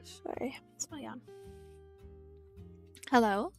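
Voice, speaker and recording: A woman streaming a visual novel, reacting aloud in casual, chatty commentary, with soft guitar music behind her. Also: a little high, slow.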